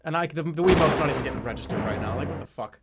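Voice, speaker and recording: Excitable male streamer. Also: fairly high pitch, very fast. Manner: excitable, laughing, swearing. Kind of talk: casual gameplay commentary. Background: loud game music.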